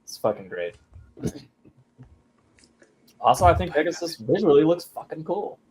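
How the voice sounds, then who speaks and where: A man's voice: fairly high pitch, big pitch swings, normal speed, a crowd in the background. A man co-hosting a podcast, talking eagerly about comics, swearing freely and acting out quotes. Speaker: podcast co-host. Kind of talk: casual chat about comics.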